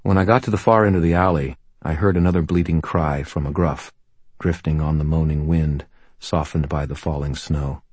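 This first-person story comes from a male audiobook narrator whose voice is extremely low and husky, with a darkish tone. He delivers it dryly and wryly, with a bit of humor, at a steady tone and normal speed. It's recorded close and dry, with no room sound at all.

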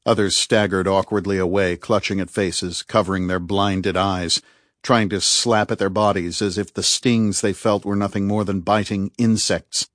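A man giving measured, grave scripted narration of a novel as audiobook narrator. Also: low-pitched, steady tone, dry recording, clean studio sound.

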